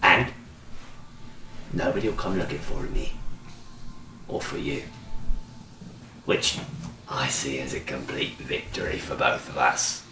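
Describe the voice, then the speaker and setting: A man's voice: rumbling low, takes it slowly, pauses often, full character voice. A man voicing a sly, teasing pipe-smoking woman who calls everyone love, recorded from a distant mic in a roomy space with faint hiss.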